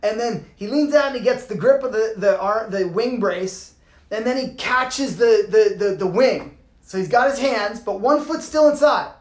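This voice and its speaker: A man, a yoga teacher, giving an informal talk and telling a lively story, swearing casually and acting out the people in it. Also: sits high, moderate pace. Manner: animated, swears casually, acts out voices. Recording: roomy echo.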